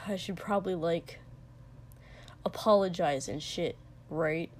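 A woman voicing a surly young man with a low, hoarse, gravelly voice who mutters and swears in a storybook reading. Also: measured pace, slight background noise, close to an everyday voice. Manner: muttering, sulky and sharp, swearing. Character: gruff young male warrior, hoarse, surly and crude.

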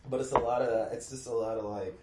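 A man talking casually as a podcast guest, an animated storyteller. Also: medium pitch, fast talker. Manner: animated storyteller, loud put-on family voices. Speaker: podcast guest, comedy writer. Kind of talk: casual chat. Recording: echoey room, faint noise.

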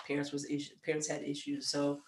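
A woman in her forties, a podcast guest, telling stories in a lively, emphatic way and laughing now and then. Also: deep voice, fast talker, echoey room. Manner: animated storyteller, emphatic and laughing. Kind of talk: casual chat.

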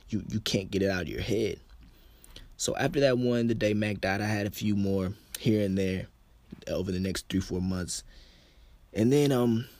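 A man's voice: on the low side, no room sound. A young man telling a personal story to his viewers in a casual, slangy way, full of "like" fillers. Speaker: vlogger.

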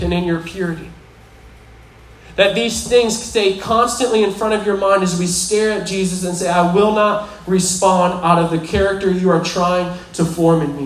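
A man preaching a conversational, provoking sermon to young people, often asking the crowd questions. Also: high-pitched. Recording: very echoey hall, voice from far off.

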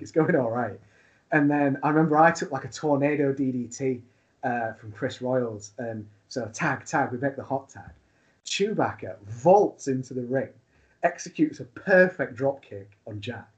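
A man's voice: mid-range voice, dull audio. Laughing man telling a story. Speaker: wrestler guest. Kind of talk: casual storytelling.

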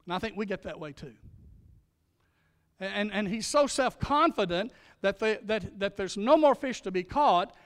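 A male pastor delivering a sermon with emphatic preaching, slowing down and speeding up to stress his points. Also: high voice, lively intonation, big-room sound.

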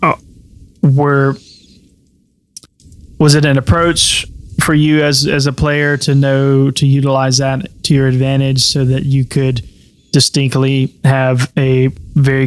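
A man hosting a casual podcast chat as game master, repeating words as he thinks aloud. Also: mid-range voice.

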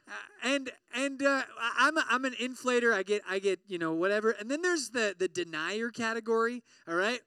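A man preaching to college students, animated, asking the crowd questions and acting out worried inner voices. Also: extremely high pitch, a little fast, hardly any pauses, smooth, dry recording, far from the mic. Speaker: pastor.

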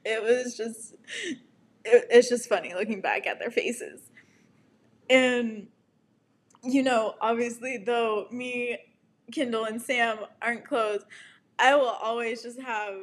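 A young woman with a slightly high voice tells her own story, candid and reflective. She takes her time over each thought and slips into nervous laughter as she goes. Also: fairly even intonation, slow pace. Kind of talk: personal storytime.

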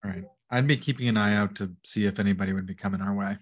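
A man takes his turn as a player in a tabletop game, asking plain, practical questions about the scene. His voice sits on the low side. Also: steady tone, racing. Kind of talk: casual tabletop play.

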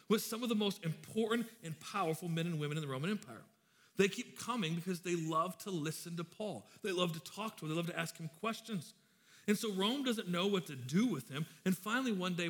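A man's voice: fairly high pitch, a bit bright. Joking, chatty pastor, a man. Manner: joking storyteller, chatty and informal. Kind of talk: sermon.

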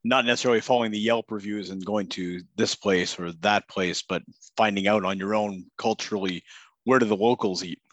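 Man, podcast host, low voice, dry close sound, easygoing, agreeable. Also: fairly even intonation, brisk, a bit bright, no echo. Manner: easygoing, affirming with short backchannels. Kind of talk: casual podcast chat.

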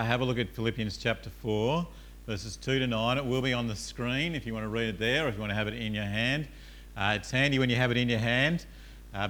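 A man's voice: mid-range voice, a bit bright. A male pastor giving a conversational sermon in a church, peppered with "uh" and questions to the congregation.

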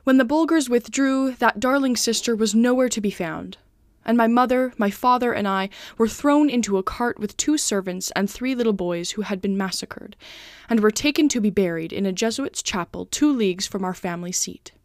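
A woman's voice: a little high, normal speed, dry recording, studio quality, close to an everyday voice. A woman reading aloud, voicing a proud young German Jesuit colonel in a heightened, exclaiming way. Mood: grave. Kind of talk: storybook reading.

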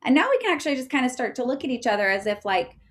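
A thirtysomething woman guesting on a podcast rattles through a personal anecdote at a very fast clip, her voice high-pitched. She fills her talk with fillers and turns loud when she's excited.

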